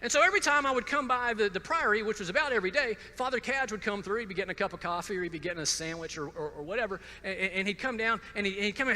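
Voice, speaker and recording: A man from Georgia tells his personal testimony in a halting, self-deprecating way, repeating words as he goes. His voice sits high and sounds very bright and cutting. A long reverb carries it through a large hall. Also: animated. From Georgia, USA. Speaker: speaker at a conference.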